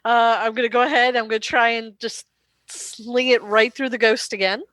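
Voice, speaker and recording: A woman playing a tabletop game, excitable and cheering her rolls. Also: on the high side, normal speed, no echo. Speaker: player.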